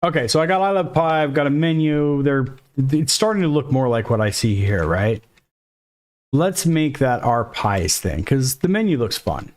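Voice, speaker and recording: A man's voice: medium pitch, lively intonation, moderate pace. A man teaching a casual screen-recorded coding lesson, thinking aloud and dropping jokey, self-deprecating asides as he works. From Mexico. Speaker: coding instructor.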